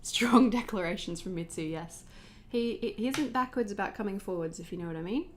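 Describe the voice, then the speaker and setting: A woman's voice: medium pitch, brisk. A woman in her thirties chatting casually and rambling at her home desk while she sets up her journal on a livestream. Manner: chatty, rambling, easily sidetracked. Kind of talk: casual chat while crafting.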